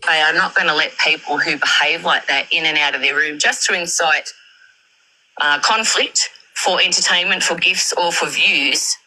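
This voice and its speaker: A woman commenting critically on a live stream, building her points slowly with repetition and fillers. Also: low voice, bright, forceful tone, rough recording. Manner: measured, repeats points, many fillers.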